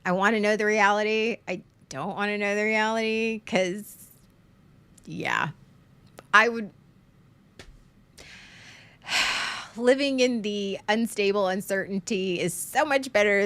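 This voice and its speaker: A woman hosting a livestream, talking frankly in a halting way with many fillers and restarts, and making fun of herself. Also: medium pitch, a bit bright. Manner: frank and self-deprecating. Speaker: livestream host. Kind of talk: candid casual livestream chat.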